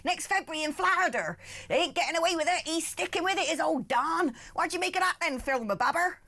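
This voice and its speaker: A woman's voice: extremely high pitch, animated, quick pace, pushed and bright, voice pushed up, full character voice. A TV host woman putting on a broad West Country accent and playing a cheeky, chatty country woman with a folksy rural drawl. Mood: mischievous.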